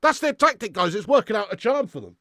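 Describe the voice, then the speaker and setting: A man hosting a live football watch-along, calling the play and chatting casually with viewers, swearing freely and swinging between excited shouts and weary sighs. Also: high-pitched, fast talker, no room sound, studio quality. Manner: casual and matey, thanks viewers by name. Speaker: fan channel host doing live match watch-along.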